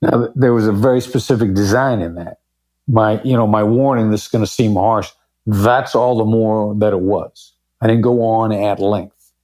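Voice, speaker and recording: In a conversational podcast interview, a man who is a negotiation expert speaks as the guest, making his points emphatically and shifting his pace for effect. His pitch is fairly low, his intonation fairly even, and his tone a little mellow at a moderate pace.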